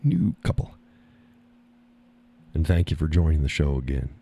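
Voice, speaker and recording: A man's voice: very deep voice, steady tone, fast talker, dark tone. A man hosting a live stream, chatting casually and reading the chat, folksy and easygoing, often repeating his own phrases.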